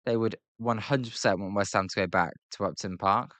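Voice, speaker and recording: A man's voice: on the low side, brisk, a bit bright, dry recording. A British man hosting a live baseball reaction stream, mixing casual play-by-play with chatty, rambling talk full of fillers and restarts.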